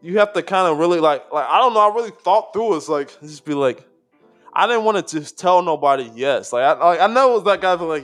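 A man with a fairly high voice talks through a casual podcast conversation. He rambles, stacks fillers and restarts, and swears freely. Faint music sits under his voice. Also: expressive, a little fast, fairly bright tone. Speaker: podcast co-host.

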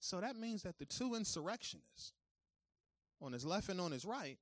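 A man preaching a sermon who moves between calm teaching and loud, high-pitched preaching, talking informally straight to his congregation. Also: normal speed, no room sound, clean studio sound. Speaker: pastor.

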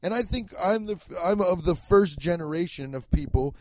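A young man in his twenties or thirties, a comedian rambling through a profane, animated monologue with bursts of shouting. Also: high-pitched, normal speed, dry recording. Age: 20s to 30s.

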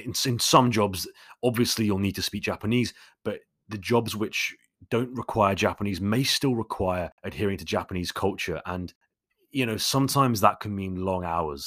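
Low-voiced man answering questions. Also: fairly bright tone, no echo, clean studio sound. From London. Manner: conversational, many fillers and restarts. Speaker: YouTube host answering viewer questions. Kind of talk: casual Q&A monologue.

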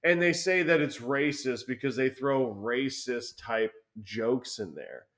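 A young man chats loosely on a podcast, cursing freely as he rambles through a story. His voice sits at an ordinary middle pitch. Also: expressive, unhurried, fairly bright tone. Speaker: podcast co-host. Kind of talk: casual chat.

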